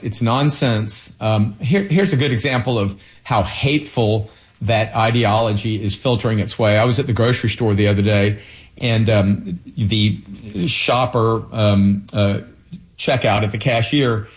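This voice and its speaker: Earnest man with a low voice, political candidate. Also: moderate pace. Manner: earnest, anecdotal, many fillers and restarts. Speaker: attorney general candidate. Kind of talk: political interview.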